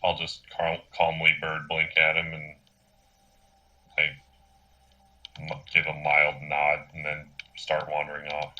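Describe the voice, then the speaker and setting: Very deep, bright-toned male player. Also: monotone, takes it slowly, pauses often, lo-fi sound. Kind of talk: casual chat at a tabletop game.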